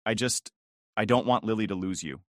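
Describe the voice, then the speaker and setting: A man's voice: fairly low pitch, brisk, dry recording, close to an everyday voice. A man reading the lines of a tearful, guilt-ridden young woman in a narrated story, close to his own voice. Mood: pleading.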